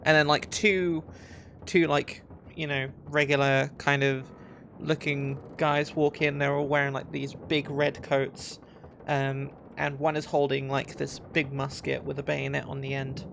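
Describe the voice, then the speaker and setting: Gravelly dm rambling thru the scene, lots of um and like. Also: mid-range voice, flat delivery, measured pace, fairly bright tone, slight background noise. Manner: loose, filler-heavy narration. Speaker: game master. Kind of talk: narrating a tabletop game.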